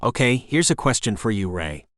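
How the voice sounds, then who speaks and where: An upbeat young man hosting a livestream, as a male narrator voices him, chatty and sing-song with a bright lilt. The voice sits in an ordinary middle pitch. It is recorded dry and close. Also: very animated, normal speed, dry recording. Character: upbeat young male online cooking host.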